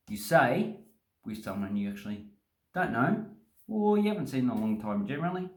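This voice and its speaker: A man's voice: medium pitch, animated, normal speed. An Australian man vlogging casually into a phone, joking and wandering into asides while he explains. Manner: chatty, joking, rambling asides. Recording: echoey room on phone.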